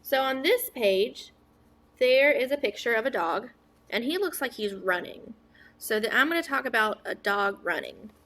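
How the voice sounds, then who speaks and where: A woman teaching a phonics lesson to young children, sounding out words slowly, asking questions and praising answers. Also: a little high, lively intonation, a bit bright. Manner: stretches out sounds, asks and praises an imagined class.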